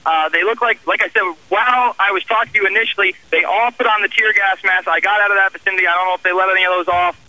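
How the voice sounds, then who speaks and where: A man reporting live by phone from a city street, out of breath and halting, with many fillers. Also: high voice, steady tone, bright, forceful tone, no echo, rough recording. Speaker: field reporter.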